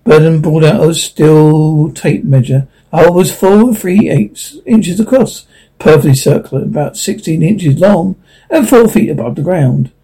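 Gravelly, husky man reading a story. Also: a little high, animated, normal speed, mellow, poor audio. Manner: unpolished reading with frequent stumbles and self-corrections. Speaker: narrator. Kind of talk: audiobook reading.

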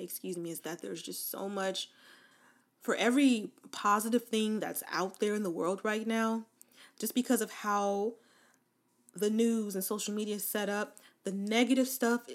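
Casual encouraging woman giving affirmations. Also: fairly low pitch. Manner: casual, encouraging, guides listener through affirmations; informal slang, fillers like "like" and "right?". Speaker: self-help speaker. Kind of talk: motivational talk to camera.

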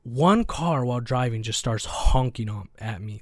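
Casting: young male podcast host, loose, profane storyteller, mid-pitched. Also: lively intonation, normal speed, hardly any pauses, no echo, clean studio sound. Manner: slangy, profane, rambling with fillers. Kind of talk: casual podcast chat, storytelling.

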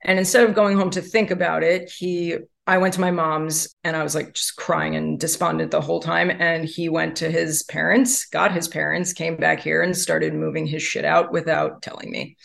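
Creaky-voiced woman guest. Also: deep voice, little pitch movement, moderate pace, hardly any pauses, a bit bright. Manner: chatty, heavy use of "like" fillers. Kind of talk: candid conversational storytelling.

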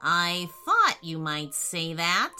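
A woman voicing a friendly little green male alien who speaks in a gentle, reassuring way. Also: on the high side, very animated, takes it slowly, soft background music, heavily acted.

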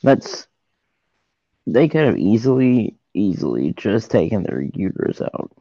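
Man, podcast co-host, low gravelly voice, jokey interjections, dry, dull lo-fi sound. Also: sing-song, measured pace, dark tone, no echo. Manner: joking interjections. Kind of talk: casual chat.

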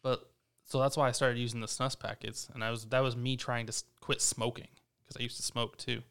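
A man's voice: medium pitch, flat delivery, brisk, creaky, fairly bright tone, clean tone. A laid-back man in casual chat, joking and swearing casually. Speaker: podcast co-host.

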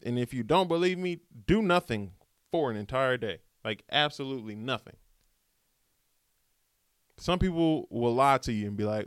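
A podcast host delivers a casual, rambling motivational monologue, an animated pep talk in slangy American speech. His voice is smooth and medium-pitched, moving at a moderate pace with long pauses. The recording is clean studio sound with no room sound.

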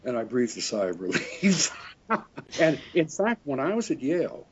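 On a dull, lo-fi recording with slight background noise, an older man who plays French horn talks at a moderate pace in a medium-pitched, very animated voice. He tells wandering anecdotes in a casual interview, often chuckling and correcting himself.

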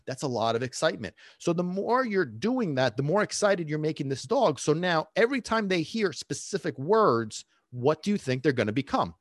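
A man's voice: mid-range voice, very animated, fast, few pauses, no echo, studio quality. Emphatic man teaching dog training. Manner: emphatic, rhetorical questions, frequent "okay?" and "right?". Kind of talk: casual instructional talk.

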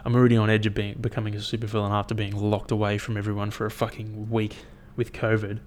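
Rambling, foul-mouthed guy, lowish voice. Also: completely flat delivery, fast talker, a little mellow, a little hiss or hum. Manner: blunt, swears a lot, loose and rambling. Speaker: vlogger. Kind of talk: casual rambling monologue.

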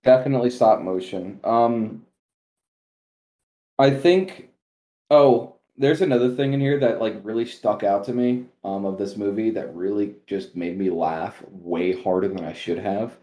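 A man co-hosting a podcast in casual chat, animated, swearing and laughing at his own points. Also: fairly low pitch, unhurried, reverberant. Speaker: podcast co-host.

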